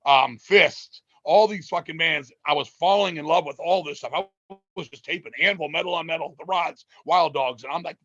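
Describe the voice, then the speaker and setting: Profane, rambling man with a bright voice. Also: fairly high pitch, normal speed, no echo, muffled recording. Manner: profane, rambling, animated storytelling. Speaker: interviewee, metal musician. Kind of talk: casual storytelling interview.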